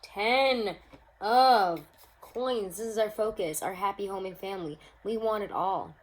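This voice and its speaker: At home in front of the camera, a young woman does a chatty, upbeat tarot reading, speaking right to her viewers and calling them "guys." Her mid-range voice is brisk, and the recording is low quality.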